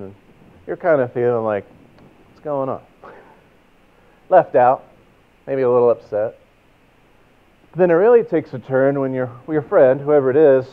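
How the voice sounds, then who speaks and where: A man's voice: mid-range voice, clean tone. Texan preacher guy, chatty storytelling sermon, sounds tinny like over a phone. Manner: conversational storytelling, rhetorical questions.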